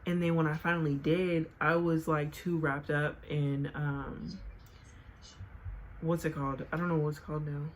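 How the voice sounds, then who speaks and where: A woman's voice: low-pitched, level tone, moderate pace, slight background noise. A young woman vlogger casually telling a story, chatty and full of filler words.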